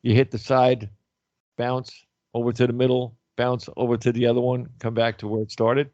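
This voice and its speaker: A man's voice: mid-range voice, monotone, moderate pace, a little mellow, no echo, muffled recording. A man in his sixties hosting a talk show, chatting casually in a rambling way, repeating words and trailing off. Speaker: host.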